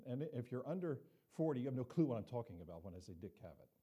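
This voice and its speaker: A man's voice: medium pitch, big pitch swings, very fast, dark tone, slightly rough. An older man preaching a sermon as pastor, talking conversationally and often checking in with the congregation with asides.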